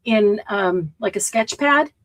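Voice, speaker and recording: A woman's voice: medium pitch, expressive, measured pace, low-quality recording. A woman hosting a casual live-stream craft sale, chatting as she shows items and counts stock.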